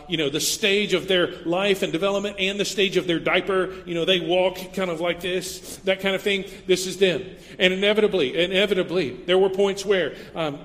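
A man's voice: high-pitched, a bit bright, big-room sound. A man preaching a sermon as a pastor, in a casual, conversational way, acting out little quoted voices as he goes.

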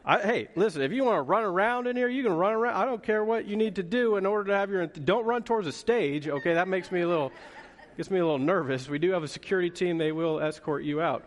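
A man preaching an energetic, conversational sermon with touches of humor, as pastor of his church. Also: high voice, fast. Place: church auditorium. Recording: long reverb of a church hall.

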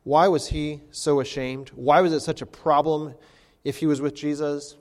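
A man's voice: on the high side, flat delivery, normal speed, darkish tone, long reverb tail. A man, a pastor, preaching an expository sermon with rhetorical questions.

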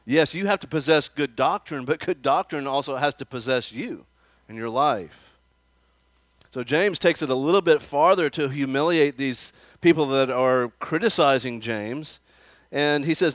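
A middle-pitched man preaches an expository sermon in church in a conversational way, occasionally asking the children and congregation questions. He performs quoted voices with building emphasis, and the close, dry sound carries no trace of the room.

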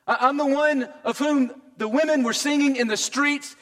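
A man's voice: extremely high pitch, moderate pace, fairly bright tone, in a large hall, pitched above the performer's own voice. A man voicing a proud warrior king boasting of his deeds. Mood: boastful.

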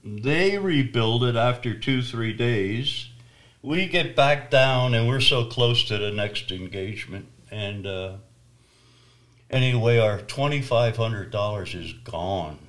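A man recounts a personal testimony at an unhurried, deliberate pace. His delivery is dramatic, swinging between loud emphasis and hushed, near-whispered moments. His pitch sits in an ordinary middle range for a man. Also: expressive. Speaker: traveling evangelist telling his story.

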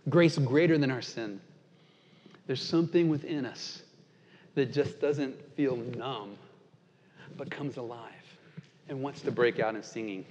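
A man pastor preaching a sermon, earnest and dynamic, slowing down for emphatic quotations and dropping soft and low at times. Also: slight background noise. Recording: dull sound with long reverb in a large hall.

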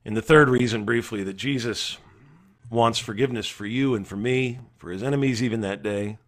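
A man preaching a devotional sermon as a pastor, earnest and emphatic, rising to loud declarations and dropping to hushed, soft passages. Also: mid-range voice, normal speed. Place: recorded during quarantine.

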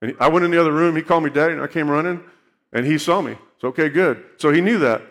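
A man's voice: on the high side, fast talker, a bit bright. Earnest man telling his story in a hall. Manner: earnest storytelling, checks in with "okay?". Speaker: speaker giving a personal testimony. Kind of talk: sermon testimony.

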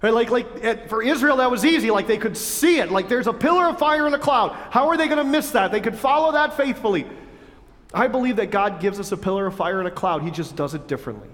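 A man with a high voice delivers a sermon in a church, animated and conversational, acting out God's words and the grumbling of his listeners. His voice rings with the long reverb of a large hall. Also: quick pace. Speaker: pastor.

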